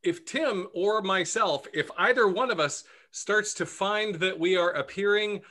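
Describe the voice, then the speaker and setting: A man performing comedy sketch dialogue with earnest, deadpan musing. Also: high voice, unhurried.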